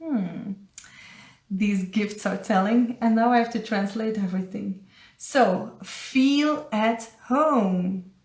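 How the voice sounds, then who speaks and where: A woman with a Dutch accent, a spiritual coach giving a casual live card reading, halting and searching for English words. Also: mid-range voice, darkish tone. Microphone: phone or webcam on a live stream. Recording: echoey room.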